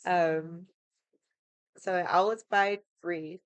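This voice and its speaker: A woman's voice: on the low side, steady tone, takes it slowly, no echo. A young woman chatting casually, rambling with lots of filler words and swearing. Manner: rambling, heavy on 'like' and swearing. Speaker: streamer. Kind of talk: casual chat while drinking.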